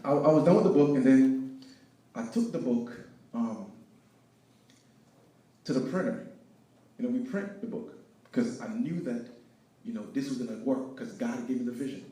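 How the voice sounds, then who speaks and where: A man's voice: mid-range voice, moderate pace, pauses often. Guy preaching his life story to a crowd, big echoey hall, mic kinda far off. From Haiti. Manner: preachy, animated storytelling with shifts between loud and hushed. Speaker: guest speaker. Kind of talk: inspirational testimony talk. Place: event hall with live audience.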